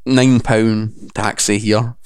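A man's voice: lowish voice, takes it slowly, smooth. A Scottish man chatting casually, telling stories and acting out other people's voices in quotes. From Scotland. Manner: animated storyteller, acts out voices in quotes. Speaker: games journalist. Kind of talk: casual chat.

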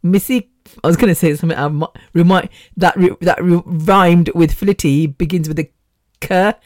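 A woman's voice: fairly low pitch, fairly even intonation, moderate pace, darkish tone, no echo, clean studio sound. A woman hosting a podcast, talking in a casual rambling monologue, laughing often and losing her train of thought. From United Kingdom. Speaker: podcast host.

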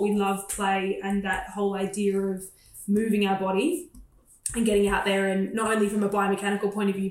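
A woman co-hosting a podcast, agreeing warmly and talking with restarts and fillers. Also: mid-range voice. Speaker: podcast co-host. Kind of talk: casual conversation. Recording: roomy echoey room.

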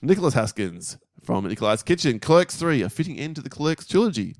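A man's voice: mid-range voice, sing-song, dry recording. Dry-voiced male podcast co-host. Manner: dry, brisk, reads out messages. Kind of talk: casual chat reading listener feedback.

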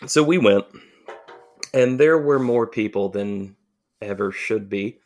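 A man with a somewhat low voice tells a long story in casual podcast chat. He rambles, swears freely and gets animated as he describes the scene. He grew up in the American South. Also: slow, soft background music. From southern United States. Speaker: podcast co-host.

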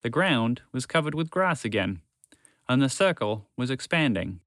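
A man reading a children's story aloud in a lively way, switching into voices for the characters. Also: mid-range voice, normal speed, no room sound, studio quality.

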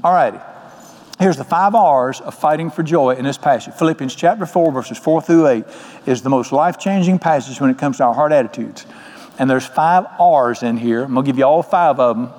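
A man's voice: medium pitch, brisk, darkish tone. An older man preaching a sermon as pastor, folksy and joking. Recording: long hall reverb.

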